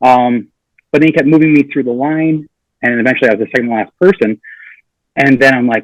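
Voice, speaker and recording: A man's voice: medium pitch, fast, no room sound, muffled recording. A man telling a funny story on a podcast, acting out the lines of the people in it. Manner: animated storyteller acting out quotes. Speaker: comedian guest.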